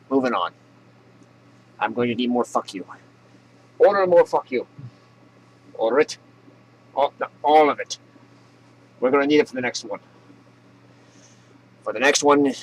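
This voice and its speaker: A man's voice: mid-range voice, slight background noise, rough recording. A man hosting a comedy news show, ranting sarcastically and profanely and laughing at his own jokes.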